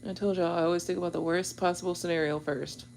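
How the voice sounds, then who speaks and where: A woman, hosting a casual chat to her viewers, animated, exclaiming and laughing as she talks. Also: fairly low pitch, fast talker, creaky, slight background noise. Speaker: tarot channel host.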